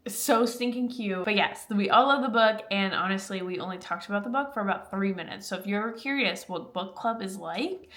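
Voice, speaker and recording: Young woman, casual vlogger, gushing and chatty, middle pitch, dry close sound. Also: a little fast, hardly any pauses, no room sound. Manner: gushing and animated, heavy use of "like". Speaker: book review creator. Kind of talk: casual chat to camera.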